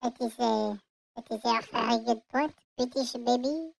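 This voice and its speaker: A player voicing a dramatic small French baby in a mock French accent with French words thrown in, through a pitched-up childlike voice. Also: normal speed, creaky, rough recording. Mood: earnest.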